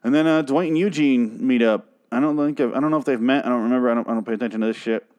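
A man's voice: medium pitch, very fast, darkish tone, lo-fi sound. Annoyed guy ranting on his podcast, cussing, sarcastic and fed up. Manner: profane, exasperated, sarcastic. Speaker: podcast host reviewing a TV show. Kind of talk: ranting solo podcast review.

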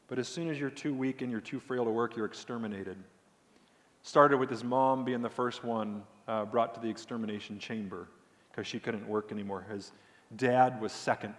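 A man with a mid-range voice preaching as pastor in a church. He moves between forceful, rising emphasis and soft, hushed storytelling. His voice carries a long reverb from the sanctuary. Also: mid-range voice. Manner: preaching with swings from loud emphasis to quiet, emotional storytelling. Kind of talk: sermon.

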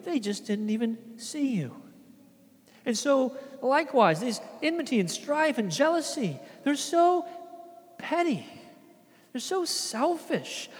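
High-voiced man preaching in a reverberant hall. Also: very animated, slow. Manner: earnest, conversational preaching with acted-out quotes. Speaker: pastor. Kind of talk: sermon.

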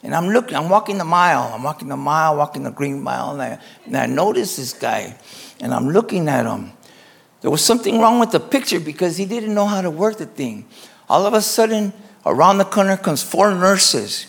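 A man who is a pastor, telling a story in a sermon in an animated way, acting out the scenes as he goes. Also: fairly high pitch, fairly quick, vocal fry.

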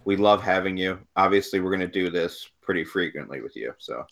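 A man's voice: low-pitched, lively intonation, brisk, creaky, fairly bright tone. A man hosting a podcast in an easygoing manner, thanking listeners and laughing along with his guests. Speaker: podcast host. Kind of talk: casual chat.

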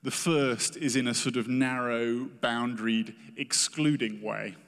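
A man preaching with earnest emphasis, now and then acting out the words of those he quotes. His voice sits at an ordinary middle pitch. A long reverb trails after each phrase, as in a large hall. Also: fairly even intonation, unhurried, fairly bright tone. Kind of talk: sermon.

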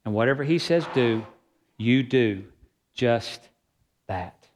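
A man's voice: mid-range voice, lively intonation, slow pace, a little hiss or hum. A man preaching a sermon as pastor, reading scripture aloud and building emphasis.

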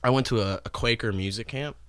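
A young man with a relaxed, rambling way of telling stories, chatting as a musician guest in an interview. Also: medium pitch, fast talker, clear, resonant tone, no room sound. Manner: relaxed, rambling storytelling with many fillers. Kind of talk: casual interview chat.

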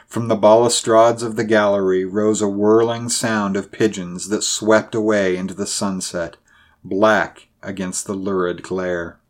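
A male narrator reading a horror story aloud. His delivery is measured and dramatic, and his voice sits fairly low. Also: little pitch movement. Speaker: audiobook narrator. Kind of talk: scripted narration.

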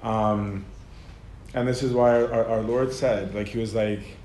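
Man, casual lecturer, low voice, flat delivery, filler words, faint background hum. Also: a little slow. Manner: conversational, filler-heavy, often laughs mid-sentence. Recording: echoey room with faint ambient noise.

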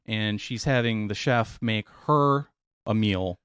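A man's voice: on the low side, takes it slowly, fairly bright tone, smooth, dry recording. Rambling man telling a story. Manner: rambling, lots of fillers and restarts. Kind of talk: casual storytelling chat.

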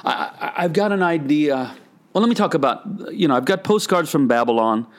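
An older man, a pastor and author, speaks in a slightly high voice with lively intonation and a bit of speed. In a podcast conversation he's casual and reflective, rambling through stories and often restarting his sentences.

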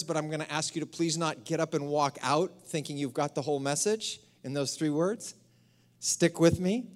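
A man, a pastor delivering a sermon in a church, who preaches with energy and drops to a hushed, breathy emphasis on key phrases. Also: on the high side. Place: church sanctuary.

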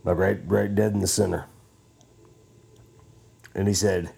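A man's voice: lowish voice, lively intonation, unhurried, gravelly, pauses often, darkish tone. A man hosting a podcast, rambling casually in a profane, joking, self-mocking way at home. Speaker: podcast host.

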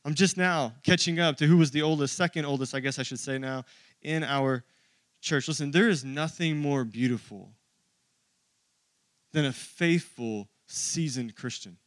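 A man's voice: on the high side, moderate pace, a bit bright, no room sound. A man in his thirties preaching a sermon to his church, conversational and joking with the congregation. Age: 30s. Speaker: pastor.

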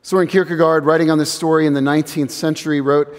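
A man in his thirties delivers a sermon in an earnest, reflective way, letting key phrases fall to a hush. His voice sits a little high. The sound carries the long reverb of a large sanctuary. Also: flat delivery. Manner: earnest, reflective, building slowly to hushed emphasis. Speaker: pastor.

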